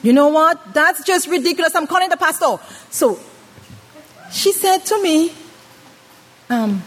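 A woman preaching a sermon with an acted-out story, dramatic, swinging between loud and hushed delivery. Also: extremely high pitch, lively intonation, unhurried, long pauses. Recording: long reverb of a hall.

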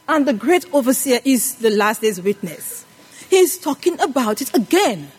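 A woman with a slightly high, somewhat rough voice preaches a sermon in a worship hall, and the recording carries its reverb. She works in a call-and-response style, calling out questions for the congregation to answer.

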